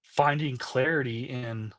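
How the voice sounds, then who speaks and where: An earnest man in his thirties tells his own story with open, unpolished honesty. His voice sits at an ordinary middle pitch. It is captured dry and close, with little room sound around it. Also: slow pace, a bit bright, dry recording. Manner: earnest, keeps checking in with "right?" and "you know?"; acts out past conversations in quoted voices. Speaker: podcast guest. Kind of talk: candid personal storytelling.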